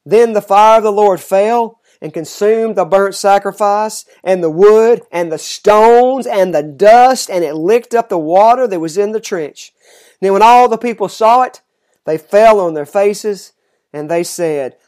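Scripture reader, measured and steady, middle pitch, slows for the solemn lines. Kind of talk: scripture reading aloud.

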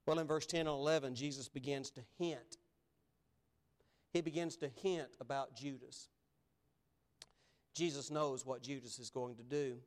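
A male pastor preaching a sermon in an animated, emphatic way, acting out the scripture he reads. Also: medium pitch, a little slow, pauses often.

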